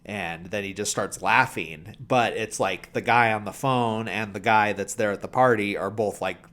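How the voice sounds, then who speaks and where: A man's voice: lowish voice, moderate pace, a bit bright. A man hosting a podcast, retelling a film scene in a loose, rambling way, full of filler words and dry humour. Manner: rambling, heavy on "like" and "you know" fillers. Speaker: podcast host. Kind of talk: casual film recap.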